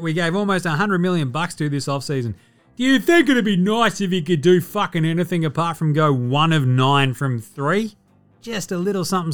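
Young Australian male host, sarcastic and sweary, animated pitch, light music bed. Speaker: podcast host. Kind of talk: casual sports chat.

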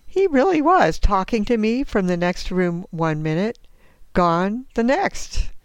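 A woman's voice: mid-range voice, big pitch swings, unhurried, clear, resonant tone, dry recording, pitched above the performer's own voice. A woman voicing an anxious, earnest, polite thirteen-year-old boy searching for his missing father.

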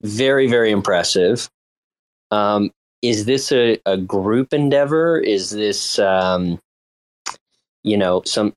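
A man asking questions in a casual chat, curious and playfully formal. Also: fairly low pitch.

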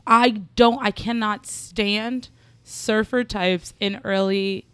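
A woman's voice: mid-range voice, steady tone, slow pace, fairly bright tone, clear, resonant tone, no echo. A woman co-hosting a casual podcast, opinionated and swearing freely. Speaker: podcast co-host. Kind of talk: casual chat.

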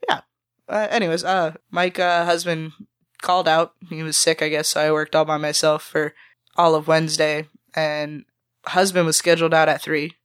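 Podcast guest, woman: lively, profane storyteller, dry close recording. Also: deep voice, moderate pace, clean tone, dry recording. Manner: animated, swears freely, acts out quotes. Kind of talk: casual storytelling chat.

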